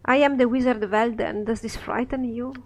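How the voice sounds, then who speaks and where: A man reading a scripted play aloud, voicing an ancient lonely wizard who speaks in solemn, measured rhyming verse. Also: extremely high pitch, fairly even intonation, rough recording. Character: ancient lonely male wizard, cold and sorrowful.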